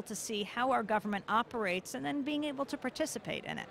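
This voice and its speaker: A woman's voice: fairly high pitch, lively intonation, a little fast, vocal fry, hardly any pauses, fairly bright tone, slight background noise. A woman news host giving an interview, telling her story urgently and rising to indignant emphasis. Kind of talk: interview, personal account. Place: convention hall.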